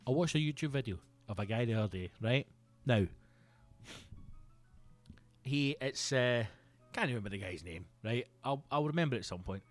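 A Scottish man in his thirties hosting a solo comedy podcast, telling rambling, sweary, animated stories. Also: mid-range voice, normal speed, long pauses, soft background music. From Scotland. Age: 30s.

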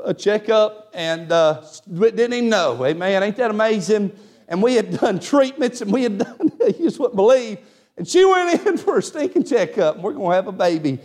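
Folksy high-voiced preacher man. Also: a little mellow. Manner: folksy Southern storytelling with frequent "amen". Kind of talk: sermon.

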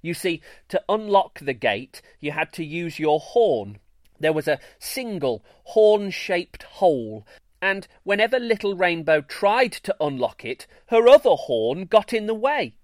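Slow, lively-voiced male storyteller. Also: high voice, no room sound, studio quality. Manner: expressive, playful storyteller. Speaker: storyteller host. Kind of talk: scripted children's story narration.

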